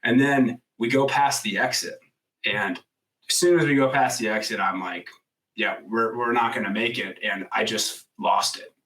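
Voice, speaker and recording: A man in his thirties, a podcast guest telling a personal story in casual interview talk, animated and full of "like" fillers. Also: mid-range voice, moderate pace, recorded from a distance, rough recording. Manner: animated storyteller, acts out quoted voices loudly; frequent "like" fillers, swears casually.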